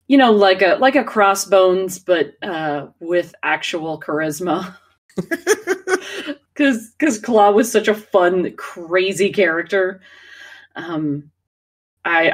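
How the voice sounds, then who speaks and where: A woman's voice: lowish voice, far from the mic. A woman co-hosting a podcast in casual chat, talking loosely with many fillers and restarts and laughing often. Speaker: podcast co-host.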